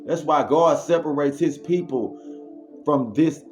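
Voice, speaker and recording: A man vlogger telling a story in an animated, slangy way and then preaching, with sound effects he makes himself. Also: fairly high pitch, measured pace. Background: music.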